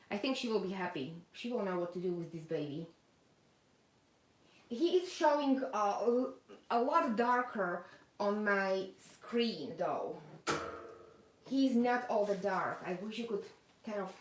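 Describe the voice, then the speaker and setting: Chatty woman reading live comments, echoey room. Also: medium pitch. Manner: chatty, reads viewer comments aloud, many fillers. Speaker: doll collector hosting a live stream. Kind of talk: casual live-stream unboxing chat.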